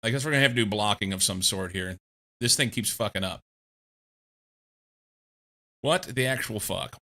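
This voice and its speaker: Bright-voiced swearing male gamer. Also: lowish voice, normal speed. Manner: swears freely, laughs often, rambling. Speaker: game streamer. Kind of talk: casual chat while playing.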